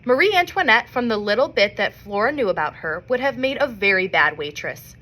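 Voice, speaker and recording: A woman reading a children's novel aloud in an expressive storybook manner. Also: on the high side, a little fast. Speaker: reader.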